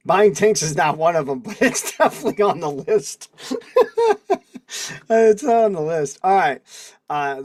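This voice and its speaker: A man's voice: a little high, darkish tone, no room sound. Chatty man with a dry close sound. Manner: chatty, rambling, laughs often, reads case text aloud. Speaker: host. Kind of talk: casual legal commentary livestream. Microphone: video call mic.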